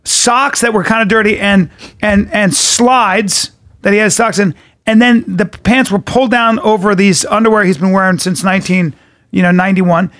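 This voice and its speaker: A man co-hosting a podcast speaks in a high-pitched voice at a moderate pace, recorded at studio quality with no room sound. He tells stories in casual chat, animatedly acting out what people said.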